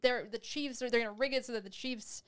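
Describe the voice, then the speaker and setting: A woman's voice: on the high side, fast talker, clear, resonant tone. A woman co-hosting a podcast, chatting casually with a dry, amused delivery. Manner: amused, dry, laughs easily. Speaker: podcast co-host. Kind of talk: casual comedic chat.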